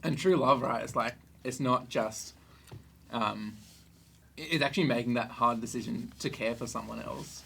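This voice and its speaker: This is a young man hosting a relaxed podcast chat for a youth group. His voice has a gravelly, fry-edged texture at a middle pitch. He talks in an easygoing, joking way and laughs often, with a faint hum of noise behind him. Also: normal speed.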